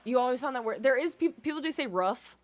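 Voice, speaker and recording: A woman's voice: high-pitched, rapid-fire, no room sound. A young woman from the American Midwest with a Midwestern accent, chatting casually with viewers while streaming a game and drawing out words for drama. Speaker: gaming streamer.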